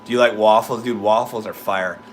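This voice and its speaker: A man's voice: fairly low pitch, steady tone, brisk, slight background noise. A young man with a slight lisp, talking casually to his livestream chat, laid-back and swearing freely. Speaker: livestream host reading chat.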